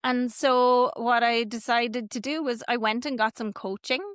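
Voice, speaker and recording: A woman's voice: a little high, steady tone, measured pace, a bit bright, clean tone, no echo, studio quality. A middle-aged Irish woman, a business coach, talking at length and with enthusiasm as a podcast guest. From Ireland. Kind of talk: podcast interview.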